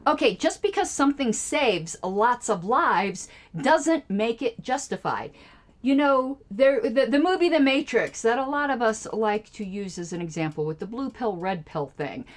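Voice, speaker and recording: A woman's voice: a little high, animated, unhurried. Sarcastic woman radio host. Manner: sarcastic and indignant, jokey asides. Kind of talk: political commentary on played clips.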